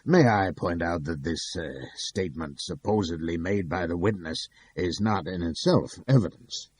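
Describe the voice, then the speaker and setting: A man voicing a formal, measured male defense counsel objecting in court, with a husky voice. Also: deep voice, a little mellow. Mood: formal protest.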